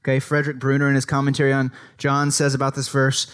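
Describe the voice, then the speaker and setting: A man's voice: medium pitch, completely flat delivery, fast talker, few pauses, a bit bright, smooth. A man preaching a sermon in a conversational way, often checking in with his listeners and acting out quoted speech with a livelier voice. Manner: conversational, often adds "right?" to invite agreement. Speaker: pastor.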